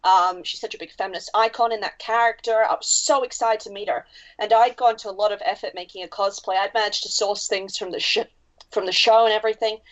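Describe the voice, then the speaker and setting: A woman's voice: medium pitch, steady tone, quick pace. Chatty woman, lo-fi podcast sound. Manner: chatty storyteller, swears freely. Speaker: podcast co-host. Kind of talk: casual podcast chat. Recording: dull lo-fi sound.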